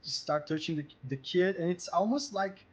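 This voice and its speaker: A man running a tabletop role-playing game as game master, narrating vividly with pauses and fillers. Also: high-pitched. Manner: vivid, pausing with fillers, acts out voices.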